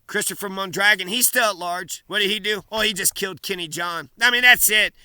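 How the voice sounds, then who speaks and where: A man's voice: sits high, bright, forceful tone, clean tone, dry recording. A man in an angry, profane rant to camera, swearing and hurling accusations.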